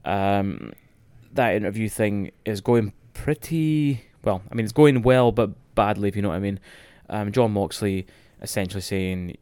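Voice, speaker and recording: Excitable sweary Scottish man. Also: fairly low pitch, normal speed, clear, resonant tone, dry recording. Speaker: wrestling podcast co-host. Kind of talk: casual chat, match recap.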